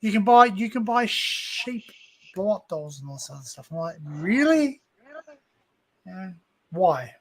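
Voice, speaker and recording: A man's voice: high-pitched, expressive, normal speed, a bit bright. A man on a livestream panel, chatting casually with crude jokes. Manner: crude, joking.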